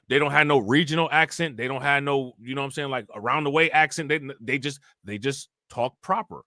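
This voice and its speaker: Bright-voiced man ranting on a livestream. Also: mid-range voice, no echo, clean studio sound. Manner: animated, ranting, slangy. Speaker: livestream host reacting to news. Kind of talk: casual livestream commentary.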